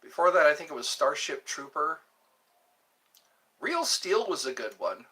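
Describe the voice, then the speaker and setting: Slow-talking man musing on a live stream. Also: fairly high pitch, very animated, sharp tone. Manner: rambling, musing, drifts between topics. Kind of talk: casual live-stream chat reading comments.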